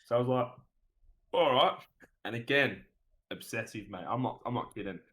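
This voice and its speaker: A man's voice: fairly low pitch, fast, a bit bright, poor audio. Rambling Australian man, swearing freely. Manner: rambling, swears freely, says "mate" often. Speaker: guest streamer. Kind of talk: casual podcast interview.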